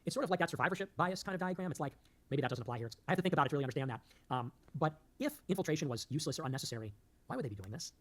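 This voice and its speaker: A man delivers a fast political monologue as a show host. His voice sits a bit high, and his rambling, emphatic delivery keeps tumbling forward with jokes mixed in. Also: lively intonation.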